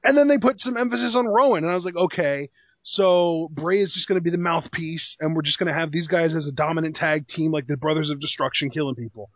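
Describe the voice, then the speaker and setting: Exasperated podcast man, slightly high voice. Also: fast talker, a bit bright, no room sound. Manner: exasperated, rhetorical questions. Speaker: podcast co-host. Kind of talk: casual wrestling podcast chat.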